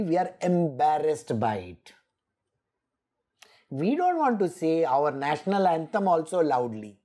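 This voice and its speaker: Animated woman teaching scripture. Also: deep voice. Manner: emphatic, scolding, laughs often. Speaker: spiritual teacher. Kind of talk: scripture exposition talk.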